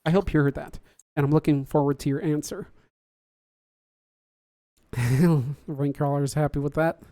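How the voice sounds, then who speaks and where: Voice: mid-range voice, steady tone, moderate pace, mellow, no echo, clean studio sound. Chatty livestream host. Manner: chatty, laughs often, jokes at own slips. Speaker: podcast host reading live chat. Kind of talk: casual livestream chat.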